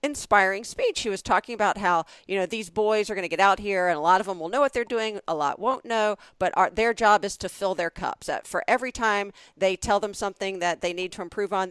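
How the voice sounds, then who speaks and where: A woman in her forties with a Southern US accent, co-hosting a podcast and telling a comic story in a lively way, acting out other people's lines. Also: mid-range voice, clean tone, no room sound. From Southern United States. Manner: animated, acts out other people's voices in her stories. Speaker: podcast co-host. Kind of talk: casual comedic storytelling.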